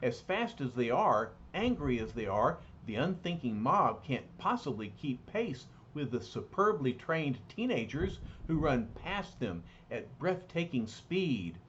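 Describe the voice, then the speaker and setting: Man reading a comic aloud, slow, hesitant. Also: medium pitch, very animated, a bit bright. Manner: hesitant, with fillers and restarts. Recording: slightly dull, lightly noisy recording.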